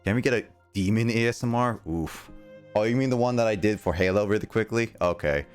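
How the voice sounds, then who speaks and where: A man's voice: on the low side, brisk, faint music behind. A young man streaming a game, chatting casually with viewers in a rambling way and laughing often. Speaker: gaming livestreamer. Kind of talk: casual livestream chat with viewers.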